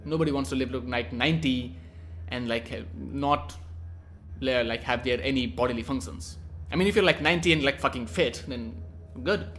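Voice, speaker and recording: A man's voice: mid-range voice, normal speed, a bit bright, slight background noise. Rambling profane young man. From India. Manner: rambling, profane, cheeky, restarts often. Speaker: vlogger. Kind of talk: casual rambling monologue.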